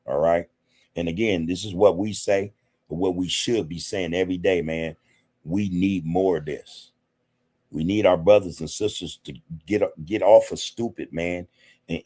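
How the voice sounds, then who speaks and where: A man's voice: sits low, mellow. A man hosting a podcast, talking casually and emphatically while answering chat comments. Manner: emphatic, conversational, repeats "man" and "you know". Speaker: podcast host. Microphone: streaming setup microphone.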